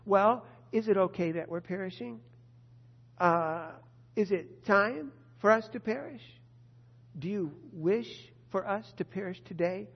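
A man preaching a sermon in a conversational way, asking rhetorical questions with animated swings in loudness. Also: high voice, husky. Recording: muffled lo-fi recording in reverberant hall.

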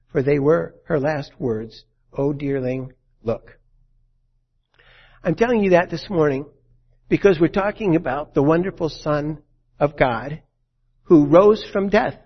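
A man preaching a sermon, telling a tender story that sinks to a hush. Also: a little high. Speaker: pastor. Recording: dull lo-fi sound.

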